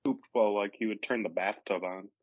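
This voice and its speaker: A man's voice: lowish voice, fairly quick, no room sound, narrow, tinny audio. A man cracking jokes in a casual podcast chat.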